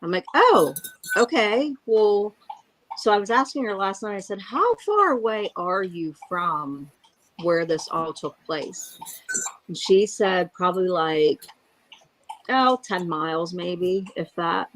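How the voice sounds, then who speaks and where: A woman giving a halting, emotional eyewitness account, often breaking off and restarting. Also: on the low side, lively intonation, fairly bright tone, slight background noise. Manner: angry and frustrated. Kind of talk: emotional first-hand account.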